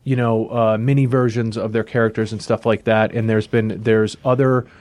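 A man's voice: lowish voice, flat delivery, moderate pace, darkish tone, dry recording. Male co-host, thoughtful comic talk, dry close recording. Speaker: comic book podcast co-host. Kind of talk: casual chat.

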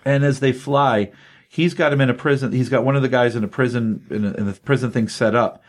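A man's voice: mid-range voice, brisk. A man in casual podcast conversation, walking through a comic's plot with energy. He tosses off dialogue as he goes, keeping the tone loose and chatty. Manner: animated retelling, acts out quotes. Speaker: comic book podcast co-host. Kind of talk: casual comic review chat.

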